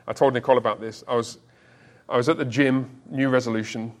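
A man's voice: mid-range voice, steady tone. A man in his forties preaching a sermon as pastor, telling a story with self-deprecating humor and often restarting his words. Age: 40s. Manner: halting restarts, repeats words.

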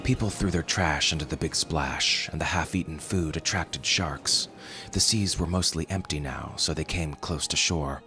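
Low-voiced man narrating a story. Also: moderate pace, sharp tone, faint music behind. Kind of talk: first-person story narration.

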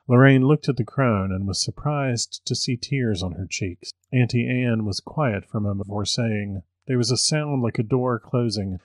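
A man who hosts a podcast, reading a story aloud in an even, measured way. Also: fairly low pitch, dry recording.

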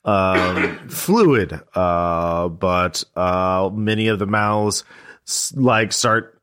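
A man narrating a tabletop horror game as game master, describing scenes haltingly with many fillers. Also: deep voice, a bit bright, clear, resonant tone.

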